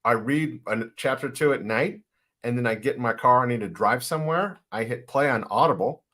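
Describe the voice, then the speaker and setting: A man's voice: medium pitch, brisk, fairly bright tone. Plainspoken man giving blunt advice. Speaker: livestream co-host. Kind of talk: casual livestream chat.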